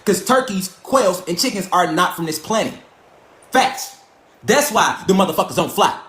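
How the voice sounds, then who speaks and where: A middle-aged man lectures his online followers in a fervent, profane monologue, talking straight at them. His voice sits fairly high for a man. The room around him rings with echo. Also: lively intonation, moderate pace, fairly bright tone. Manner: preachy, emphatic, profane, addresses listeners as y'all. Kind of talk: fringe conspiracy monologue. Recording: echoey room.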